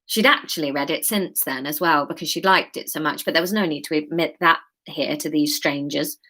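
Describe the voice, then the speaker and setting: A woman's voice: deep voice, fairly quick, sharp tone. A woman reading her own novel aloud on a live stream, chatty and self-mocking between passages.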